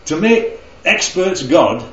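A man's voice: on the high side, big pitch swings, takes it slowly. A man leading a group Bible study, teaching interactively and keeping the group involved with frequent check-ins. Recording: roomy, slightly dull recording.

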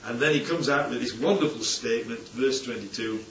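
A man's voice: medium pitch, brisk, crowd noise. A man preaching an informal Bible-study sermon, chatty and playful, often checking in with "yeah?". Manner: chatty, keeps asking "yeah?", playful asides. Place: church hall with congregation. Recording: distant, roomy, dull hall recording.

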